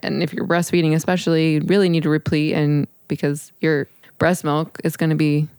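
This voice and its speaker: A woman host with a low voice talks warmly and informatively in a casual chat. Her tone is smooth and resonant, and the recording sounds dry and close. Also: flat delivery, fairly quick, no echo. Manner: informative, empathetic, with small restarts. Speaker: podcast host.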